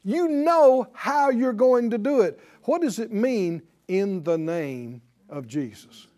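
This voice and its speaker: A man with a high voice preaches slowly, bringing his stories to life by acting out the dialogue. His sermon includes call-and-response with the congregation.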